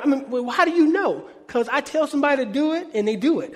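Speaking fast in a very high-pitched voice, a pastor preaches a sermon in a lively, conversational way and fires questions at the congregation. A long reverb from the large church hall follows his words.

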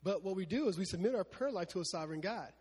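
A man preaching a casual Bible lesson, chatty and animated, with many fillers. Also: sits high, quick pace, slightly rough, big-room sound.

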